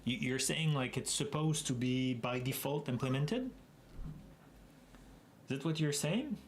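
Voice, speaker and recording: A man with a Québécois accent hosts a casual livestream and speaks at an unhurried pace, laughing often as he answers chat. His first language is French, and a faint hiss of noise sits behind his voice. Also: mid-range voice, expressive. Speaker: livestream host.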